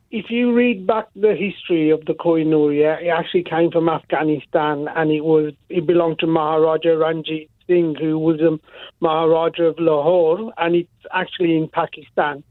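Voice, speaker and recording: A rambling caller on a tinny phone line, a man with a high-pitched voice. He hops from one topic to the next. The sound is dry and close. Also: no echo. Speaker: caller who runs a chip shop. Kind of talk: radio phone-in chat.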